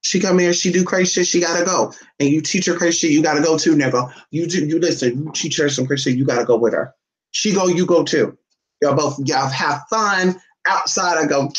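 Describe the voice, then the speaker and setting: In a casual, profane vlog shot indoors at home on a phone or camera set down nearby, a loose-tongued, sassy speaker talks a little fast at a pitch neither high nor low. "Honey" and curse words keep popping up, and the dog gets teased in abrupt, squeaky high bursts. The whole delivery feels unpolished and spontaneous.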